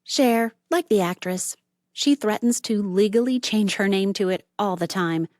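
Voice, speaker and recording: A woman's voice: medium pitch, unhurried, darkish tone, dry recording, clean studio sound, lightly acted. A woman doing a bubbly chatty young barista. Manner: bubbly, brash, talkative.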